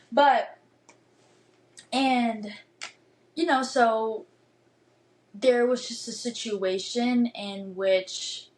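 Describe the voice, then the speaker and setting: With a fairly high voice and poor audio quality, this young woman in her twenties hosts a podcast. Her casual monologue recounts a dating story through animated, emphatic, blunt ranting full of curses and "like" fillers.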